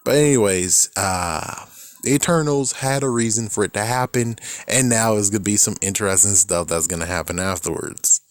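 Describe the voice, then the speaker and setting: A man's voice: on the low side, moderate pace, dry recording. A man ranting casually about movies, profane and exasperated, often acting out what other people say. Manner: profane, exasperated and animated, acts out quotes. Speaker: movie commentary vlogger.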